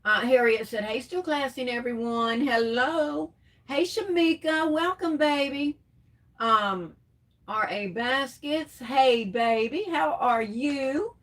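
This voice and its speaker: A woman's voice: high voice, slow pace. A middle-aged woman hosting a casual crafts livestream, reading out comments and answering them with terms of endearment. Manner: warm terms of endearment, chatty, laughs often.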